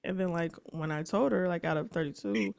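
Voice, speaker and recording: A woman's voice: lowish voice, a little fast, gravelly, a little mellow. A woman in her twenties co-hosting a podcast, telling a story in a wry, mock-offended way. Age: 20s. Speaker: podcast co-host. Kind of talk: casual chat.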